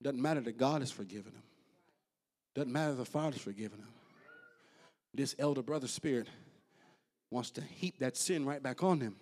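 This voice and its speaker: A man preaching a sermon as pastor, swinging between loud high bursts and quiet, low asides. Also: normal speed, pauses often.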